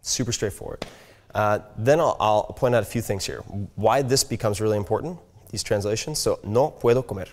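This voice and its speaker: A man's voice: fairly low pitch, brisk. Casual man explaining language learning. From United States. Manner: conversational, frequent "right?" check-ins. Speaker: speaker teaching language learning.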